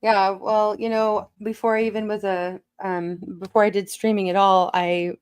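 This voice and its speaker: A woman's voice: medium pitch, flat delivery, moderate pace, clean tone, dry recording. A woman hosting a live stream in casual chat, upbeat and affirming, laughing often.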